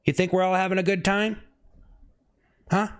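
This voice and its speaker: A man's voice: high voice, flat delivery, normal speed, smooth. Man teasing his chat on a livestream. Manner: teasing, repeats himself, calls out chat names. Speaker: livestream host. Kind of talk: casual livestream chat with viewers.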